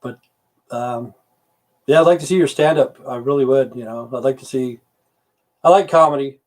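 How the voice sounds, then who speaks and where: A man's voice: mid-range voice, moderate pace, darkish tone. A middle-aged man chatting casually on a livestream, answering viewers' comments, rambling, swearing and losing his train of thought. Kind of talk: casual live-stream chat.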